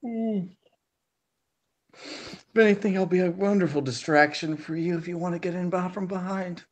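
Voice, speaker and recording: Woman, low voice, tabletop game player, hesitant, lots of fillers, casual chat. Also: normal speed. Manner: hesitant, many fillers and soft laughs.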